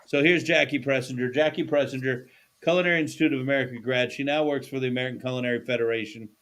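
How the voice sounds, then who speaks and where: A man's voice: mid-range voice, steady tone, racing, fairly bright tone. A male podcast host chatting casually in a studio. His talk is loose and laid-back, peppered with swearing and frequent laughs. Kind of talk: casual chat.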